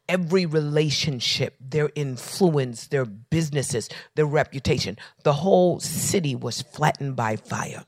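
A man preaching a sermon. He swings from near-whispers to shouting and leans on repeated refrains. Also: medium pitch, animated, a little slow, dry recording. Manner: repetitive preaching cadence. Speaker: pastor.

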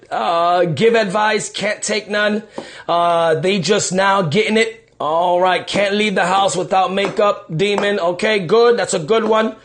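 A male pastor from New York City chatting on a livestream, reading out viewers' comments with quick, repeated, upbeat affirmations. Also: high-pitched, fairly bright tone. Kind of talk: live-stream chat reading viewer comments.

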